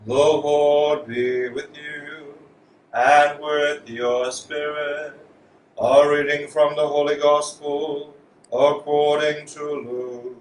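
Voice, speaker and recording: A man singing and chanting the liturgy at Mass in a slow, drawn-out way. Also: on the high side, little pitch movement, slight background noise. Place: church. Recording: echoey church from far off.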